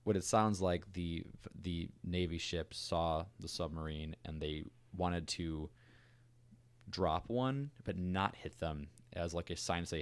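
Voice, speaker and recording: A man co-hosting a podcast, telling a history story in a relaxed, conversational way with fillers and asides. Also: sits low, slow pace, clear, resonant tone, dry recording. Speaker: podcast co-host. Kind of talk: casual storytelling chat.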